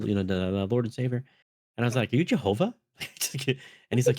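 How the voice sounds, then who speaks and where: A man's voice: mid-range voice, animated, fast talker, darkish tone, no room sound, clean studio sound. A man hosting a podcast, telling rambling stories with lots of swearing in casual chat. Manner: rambling storytelling, swears often. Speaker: podcast host.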